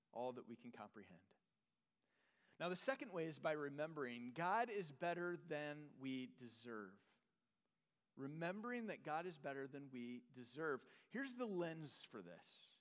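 A man preaching a sermon as pastor, earnest, repeating phrases and dropping to soft, low tones for emphasis. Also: big pitch swings, measured pace. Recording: long reverb of a large hall.

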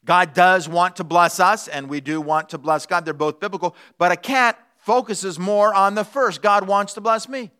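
Bright, lively preaching man. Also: high-pitched, moderate pace, hardly any pauses, clean tone. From United States. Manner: lively, playful storyteller with shifting pace. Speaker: pastor. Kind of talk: sermon. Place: church.

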